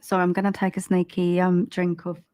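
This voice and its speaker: Halting, soothing British woman medium. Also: on the low side, completely flat delivery. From Britain. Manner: halting, full of ums and restarts, gentle and soothing. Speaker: spiritual medium giving live readings. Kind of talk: live-stream psychic reading, casual and chatty.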